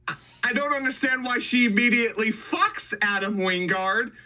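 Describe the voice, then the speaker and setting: A man's voice: extremely high pitch, moderate pace, bright, forceful tone. A man reviewing horror movies in a crude, joking, riled-up casual chat. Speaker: podcast co-host.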